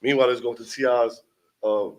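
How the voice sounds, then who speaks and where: A man's voice: mid-range voice, fairly even intonation, quick pace, rough recording. A young man from Brooklyn with a New York accent, a rapper telling a long, profane story as a guest and acting out the other people in it. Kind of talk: animated storytelling.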